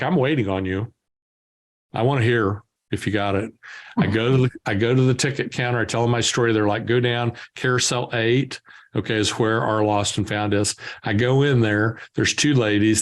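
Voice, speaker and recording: Podcast guest: man, average pitch, vivid storyteller who plays out every exchange. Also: moderate pace. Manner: lively anecdotal storyteller, acts out dialogue. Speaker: guest entrepreneur. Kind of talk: conversational storytelling.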